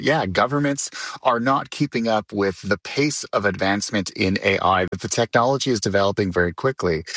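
Low-voiced man explaining tech news. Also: a bit bright, breathy edge, no room sound, studio quality. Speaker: tech commentator guest. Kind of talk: casual talk show chat.

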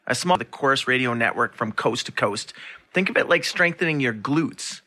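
A man's voice: mid-range voice, lively intonation, moderate pace, sharp tone. A man in his fifties hosting a podcast in casual joking chat, losing his voice, laughing often as he spins long jokes. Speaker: podcast host and physiotherapist.

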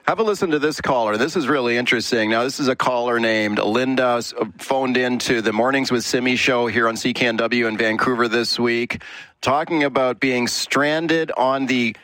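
A man hosts a talk radio discussion and puts question after question to his listeners. His voice sits at a middle pitch. The mic is close and dry. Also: moderate pace, a bit bright, no room sound. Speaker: radio host.

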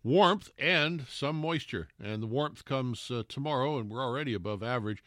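A man giving a radio weather forecast in a relaxed, conversational way. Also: medium pitch, normal speed, no room sound, clean studio sound. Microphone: studio microphone.

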